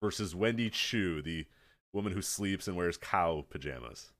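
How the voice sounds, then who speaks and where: A man's voice: sits low, moderate pace, fairly bright tone. A man co-hosting a podcast in casual chat, chatty and jokey, laughing often. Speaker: podcast co-host.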